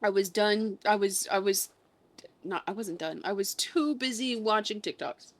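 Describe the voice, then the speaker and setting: A woman's voice: medium pitch, moderate pace. A young woman streaming a game, chatting casually with her chat in a playful, sarcastic way, swearing freely and sounding sleepy.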